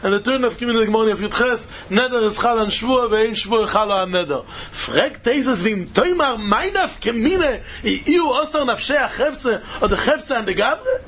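High-pitched man teaching Talmud. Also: expressive, normal speed, hardly any pauses, fairly bright tone, slight background noise. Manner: mixes Yiddish and Hebrew terms, sing-song rising questions. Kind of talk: Talmud study lecture.

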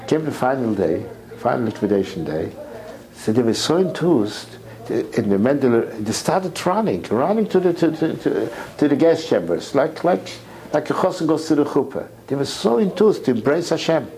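A man giving an impassioned sermon lecture, repeating words as his voice climbs to near shouts. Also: medium pitch, very animated, normal speed, rough recording. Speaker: rabbi lecturer.

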